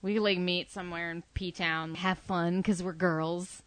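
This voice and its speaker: A middle-aged woman in casual chat with friends, animated and swearing freely, quick to laugh. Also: on the low side, no echo.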